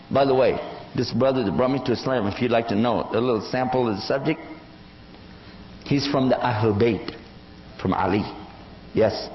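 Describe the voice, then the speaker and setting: An older man, an Islamic preacher, lectures at medium pitch, telling animated stories and voicing the people in them. The recording comes from an echoey hall and sounds dull and lo-fi.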